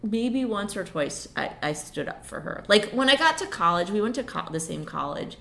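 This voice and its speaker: A woman's voice: medium pitch, animated, moderate pace, gravelly, fairly bright tone. A woman in her thirties talking casually and personally, rambling with many fillers. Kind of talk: casual chat.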